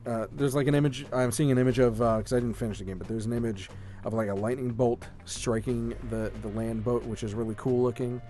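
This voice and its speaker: Guy co-hosting a gaming podcast, rambly and excited, lots of likes and ums, faint music under it. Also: mid-range voice, fairly quick. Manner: rambling, filler-heavy, enthusiastic. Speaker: podcast co-host. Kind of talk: casual gaming podcast chat. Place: home room with a shelf of collectibles.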